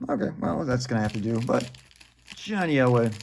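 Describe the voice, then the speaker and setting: A man's voice: mid-range voice, big pitch swings, brisk, gravelly, darkish tone, slight background noise. A man in his forties chatting casually while opening trading card packs, rambling and profane, chuckling often.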